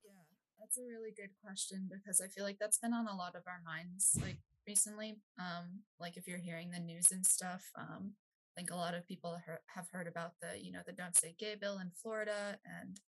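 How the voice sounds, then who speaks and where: A woman's voice: fairly low pitch, fairly even intonation, brisk, low-quality recording. Hesitant young woman podcast guest. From Maryland, US. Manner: hesitant, many fillers and light laughs. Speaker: guest, youth outreach director. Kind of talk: casual podcast chat.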